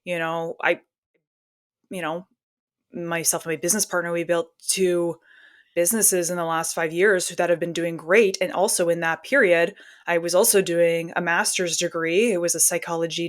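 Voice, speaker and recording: A woman in her forties, a podcast guest, telling a personal story casually with quick laughs and acted-out bits of dialogue. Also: fairly low pitch, steady tone.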